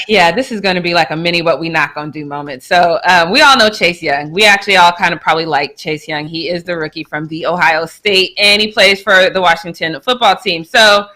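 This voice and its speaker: A young adult woman co-hosting a live sports talk show, chatting casually and teasing with frequent laughter. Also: medium pitch. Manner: animated, laughs often, playful teasing.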